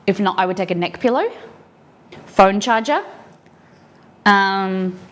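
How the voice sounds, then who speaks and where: This is a casual cooking livestream where a woman, her voice mid-range and her intonation lively, speaks slowly. She's chatty, answering viewer comments as she rolls food in her kitchen.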